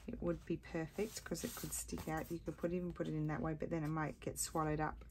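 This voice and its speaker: A woman with a low, tired voice talks casually through a crafting tutorial. She rambles and thinks aloud as she works. Steady background noise runs under her voice. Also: brisk. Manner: chatty, rambling, thinks aloud while working.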